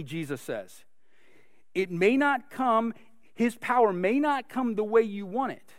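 Man preaching, earnest, rhetorical questions, fairly high voice, dry close sound. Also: animated, normal speed, no echo. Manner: earnest, asks rhetorical questions, many restarts. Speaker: pastor. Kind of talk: sermon.

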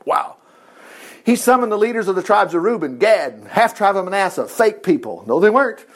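A man preaching an informal sermon, retelling Bible stories in a chatty, animated way with joking asides. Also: high voice, brisk.

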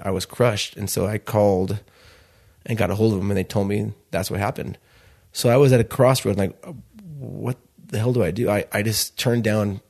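Man in his 30s, restaurant owner, low gravelly voice, loose rambling storyteller. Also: a little mellow. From Chicago. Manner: loose, rambling storyteller acting out quoted dialogue. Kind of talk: storytelling interview.

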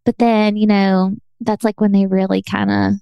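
A young woman, co-hosting a podcast and telling a story in an animated, laughing way, full of fillers. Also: mid-range voice, normal speed, gravelly, clean tone, dry recording, muffled recording. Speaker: podcast co-host. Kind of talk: casual storytelling chat.

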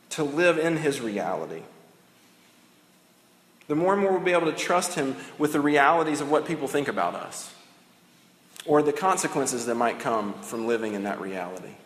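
A man preaching a sermon in a conversational way, acting out the dialogue of the story as he goes. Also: fairly high pitch. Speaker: pastor. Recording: echoey hall, long reverb.

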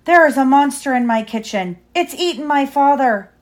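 A woman voicing a frightened young male cat in a storybook, in a high excited voice. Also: normal speed. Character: young boy cat, scared, pleading.

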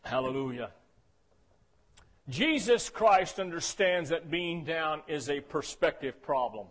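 High-voiced preacher. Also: male voice, animated, slow pace. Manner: dynamic preaching, swinging from soft and low to loud and shouting; calls for "Amen?" responses. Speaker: pastor. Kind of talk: sermon.

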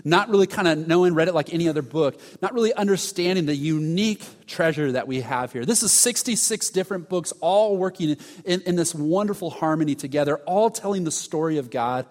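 A male pastor delivers his sermon with a slightly higher-than-usual voice. He tells his story with dramatic pauses and sudden hushed moments. The long reverb of a large hall trails behind every phrase. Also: animated.

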